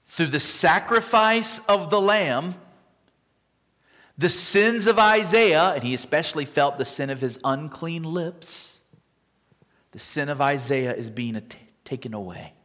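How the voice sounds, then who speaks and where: A man preaching a sermon, dramatic and vivid, acting out the scripture quotes with big shifts between loud and quiet. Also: on the high side, lively intonation, a little slow. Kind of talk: expository sermon. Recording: long reverb from a large hall.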